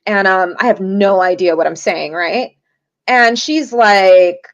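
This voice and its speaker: A woman's voice: medium pitch, slow pace, no echo. A woman guest telling stories in an interview, acting out the voices of people she quotes. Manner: lively, acts out quoted voices. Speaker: guest, shaman and tarot reader. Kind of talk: interview storytelling. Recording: dull lo-fi audio.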